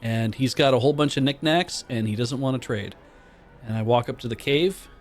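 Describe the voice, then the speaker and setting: A man streaming a modded game, reading the game text aloud in casual commentary and breaking into loud, surprised swearing. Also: mid-range voice, fairly quick, soft background music.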